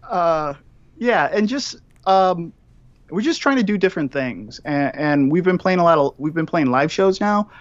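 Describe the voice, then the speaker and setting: A man's voice: on the high side, expressive, normal speed, dry recording. A man calling in as a guest for casual chat, rambling with many fillers. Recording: dull, dry call-in line.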